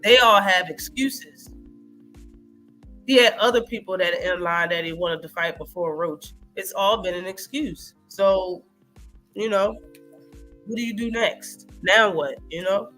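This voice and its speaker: High-voiced animated man on a live stream. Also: measured pace, faint music behind. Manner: animated, profane, reacts to live chat. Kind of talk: casual live-stream boxing talk.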